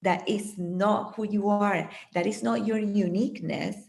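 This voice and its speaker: A woman speaks as a podcast guest, unhurried and deliberate, leaning on her words with earnest conviction. She tells her own story in a reflective, motivational way, at a middle pitch for a woman. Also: gravelly, a little mellow.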